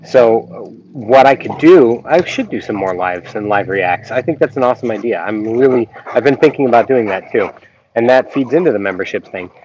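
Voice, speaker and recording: A man's voice: medium pitch, darkish tone. A man hosting a casual live stream, rambling and full of ums as he greets viewers. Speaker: YouTube reaction channel host. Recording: dull lo-fi sound with faint noise.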